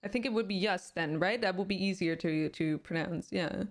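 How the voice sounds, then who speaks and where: This game streamer, a Swedish-accented woman whose first language is Swedish, reads her viewers' comments aloud and answers them in casual live chat. Her voice is on the low side and she talks at a moderate pace.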